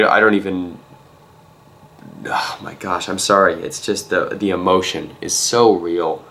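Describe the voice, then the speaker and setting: A man vlogger telling a comic story in an earnest, mock-emotional way, halting and restarting his sentences. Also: deep voice, a bit bright.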